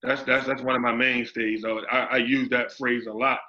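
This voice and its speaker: A man's voice: medium pitch, little pitch movement, normal speed, pushed and bright. A man, a basketball coach, answering interview questions emphatically, repeating his phrases and using street slang. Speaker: associate head basketball coach. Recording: dull lo-fi audio.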